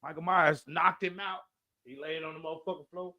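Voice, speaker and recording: A man co-hosting a podcast in casual chat, telling animated, profane stories and acting out other people's voices. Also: a little high, brisk, no echo, muffled recording. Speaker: podcast co-host.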